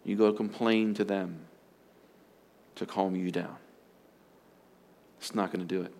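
A man's voice: low-pitched, fairly even intonation, measured pace, gravelly, a little mellow, a little hiss or hum. A man preaching as a pastor, earnest and emphatic, often repeating his phrases for stress. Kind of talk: sermon on marriage.

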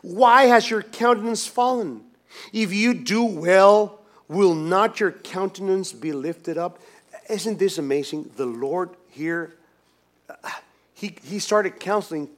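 A man preaching a sermon as pastor, swinging from hushed, quiet lines to loud, emphatic ones, with many restarts. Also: high voice, slow pace.

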